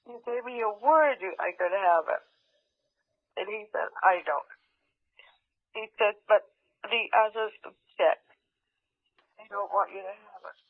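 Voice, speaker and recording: Woman, hypnosis subject, halting, repetitive, present-tense recall, tinny lo-fi archival recording. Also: fairly high pitch. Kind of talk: recounting a memory under hypnosis. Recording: tinny, phone-like archival tape.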